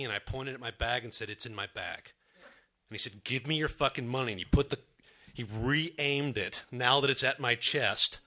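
A man's voice: mid-range voice, bright, forceful tone. A young man performing a true story on a comedy stage, dramatic and self-mocking.

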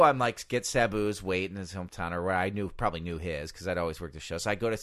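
A man's voice: sits low, fast talker. A man co-hosting a casual podcast, telling stories with lots of acted-out quotes and swearing. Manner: animated storyteller, acts out quotes, swears. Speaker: podcast co-host, former ring announcer. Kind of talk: casual storytelling chat.

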